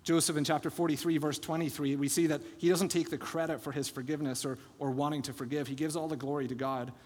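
A pastor preaching in a reverberant hall. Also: male voice, a little high, fast. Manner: animated storytelling with acted-out quotes. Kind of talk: sermon. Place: church sanctuary. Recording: long church hall reverb.

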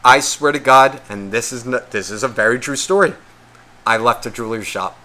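Bright-voiced man ranting with heavy swearing. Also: medium pitch, animated, a little fast. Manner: heavy swearing, rambling and exasperated; acts out the voices of people in his stories. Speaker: podcast co-host. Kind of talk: casual storytelling rant.

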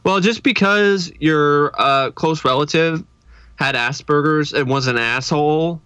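A man's voice: fairly high pitch, unhurried, bright, forceful tone, clean tone, dry recording. A man co-hosting a podcast in casual chat, rambling and laughing often. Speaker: podcast co-host.

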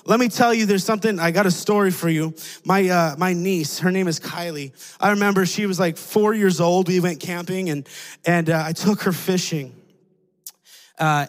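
High-voiced preacher in a reverberant hall. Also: male voice. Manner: animated, conversational, acts out voices in a story. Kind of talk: sermon with storytelling.

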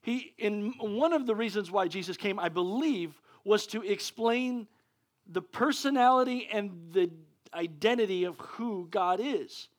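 Guy preaching a sermon, pretty high voice, gets excited and trips over his words. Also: measured pace. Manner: excitable, stammering restarts.

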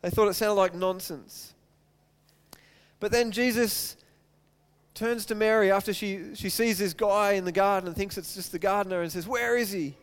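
A man preaching a sermon in a high, smooth voice. He retells a scripture story and keeps returning to the same pointed questions for his listeners. His tone is clear and resonant. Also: steady tone, moderate pace. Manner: reads scripture aloud, then preaches with repeated rhetorical questions. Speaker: pastor.

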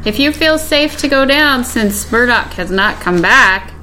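A woman's voice: on the high side, expressive, unhurried, sharp tone, a little hiss or hum, rough recording. A woman in casual chat at a tabletop game, asking lots of questions about her character's options. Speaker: player.

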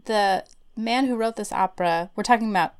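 A woman co-hosting a podcast in casual chat, self-deprecating and quick to laugh. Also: medium pitch, clean tone. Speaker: podcast co-host.

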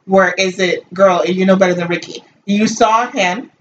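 A woman's voice: medium pitch, normal speed. A woman co-hosting a casual chat show, talking emphatically and swearing freely. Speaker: podcast co-host. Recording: distant, dull, faint noise.

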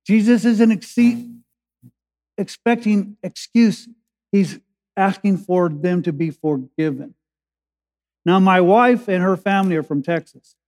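A male pastor preaching, with a high voice that rings through a church sanctuary. He slows down to stress key phrases and lifts into urgency as his points build. His words trail off into a long hall reverb. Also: darkish tone. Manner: preaches with slow emphatic pauses and rising urgency. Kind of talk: sermon.

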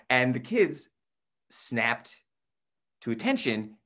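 Speaking slowly with long pauses, a young man with a mid-range voice tells stories in casual podcast chat. He's a teacher and co-host, and he's animated, loudly acting out quotes with gusto.

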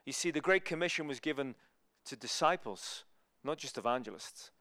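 A man giving a sermon as a guest preacher, telling lively stories and acting out the people in them. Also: mid-range voice, normal speed, no echo. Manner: animated, acts out people in his stories. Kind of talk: storytelling sermon.

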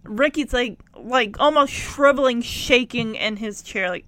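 A woman's voice: on the high side, measured pace, fairly bright tone, dry recording. A woman chatting casually as she recaps an old TV episode and talks back to its characters. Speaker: show recapper.

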